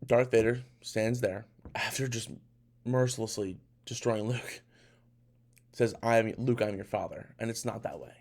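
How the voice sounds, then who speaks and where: A young man hosting a casual solo podcast, talking in an animated, incredulous way with rambling restarts. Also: mid-range voice, vocal fry. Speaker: podcast host.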